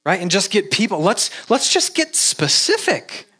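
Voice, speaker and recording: A man preaching a casual sermon, halting with restarts and fillers, animated when he mimics repetitive prayer. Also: sits high, husky. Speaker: pastor.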